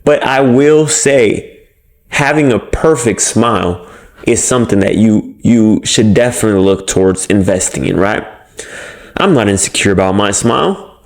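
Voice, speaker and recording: A man's voice: on the low side, normal speed. Blunt, swearing young male self-help host. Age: young adult. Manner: blunt, swearing, animated coaching. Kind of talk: casual motivational monologue.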